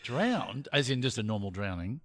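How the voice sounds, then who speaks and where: A man from Australia co-hosting a casual podcast, teasing his co-host with quick banter. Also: medium pitch, big pitch swings, dry recording. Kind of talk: casual chat.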